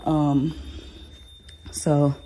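A woman's voice: sits low, monotone, very slow, warm tone. A young woman, chatting casually to camera as a mom vlogger at home, laughing often. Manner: chatty, laughing, mixes in baby talk. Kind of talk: casual vlog chat to camera.

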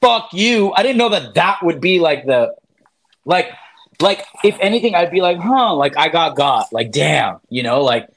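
A man's voice: on the high side, animated, normal speed, fairly bright tone, slight background noise. A man in his thirties, an interview guest, talking in a rambling, profane way, full of fillers and acted-out quotes. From raised by immigrant parents. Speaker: interview guest, former reality show contestant. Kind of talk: casual interview chat.

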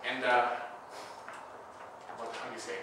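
A man teaching Bible school speaks in a mid-range voice with fairly even intonation and a measured pace. His style is relaxed and conversational: he acts out scenarios and often checks in with "right?" The church classroom sounds echoey, with a far-off mic and background noise.

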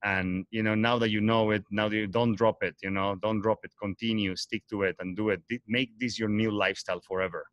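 A man with a somewhat low voice, talking in a casual livestream. He is earnest and rambles, looping back and correcting himself as he goes. The sound is dry and close to the mic. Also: steady tone, a little fast, few pauses, fairly bright tone, no room sound. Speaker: host.

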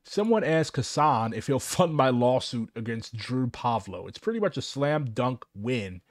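Profane young man from Missouri on a casual livestream, animated ranting, mid-pitched voice, dry close sound. His speech is peppered with swearing and sudden jumps in energy. It comes across as direct and unpolished. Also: a little slow, no room sound. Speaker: streamer.

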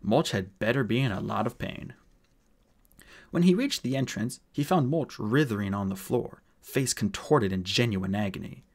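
A man narrating an audiobook with a lively, expressive reading. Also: mid-range voice, normal speed.

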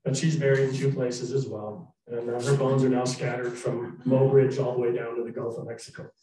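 A man tells history to an audience in a loose, conversational way and now and then reads aloud from old journals. His voice is warm and dark in tone. He sits well back from the microphone, and the hall around him rings with heavy echo. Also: mid-range voice, flat delivery, a little fast. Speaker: historical storyteller. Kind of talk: public history talk. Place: arts center hall. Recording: very echoey hall from far off.

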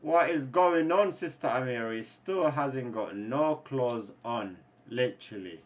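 A man streaming a mobile game live, loudly taunting other players and laughing, then muttering quietly to himself. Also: medium pitch, expressive, a little slow. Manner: loud taunting trash talk with laughter, then quiet mumbling. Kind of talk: live gaming stream chat.

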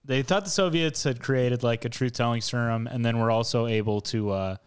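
A man's voice: medium pitch, brisk, clear, resonant tone, dry recording. A man co-hosting a podcast in casual chat, teasing and blunt, swearing freely. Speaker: podcast co-host.

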